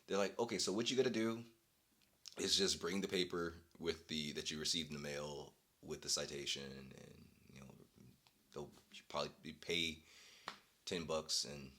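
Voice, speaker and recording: A young man vlogging, telling an exasperated story in a casual, animated way and breaking into laughter. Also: rumbling low, normal speed, long pauses.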